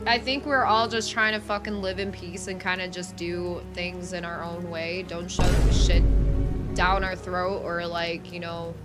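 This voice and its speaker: A woman streaming live, chatting casually and answering her chat with frank, profane talk. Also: mid-range voice.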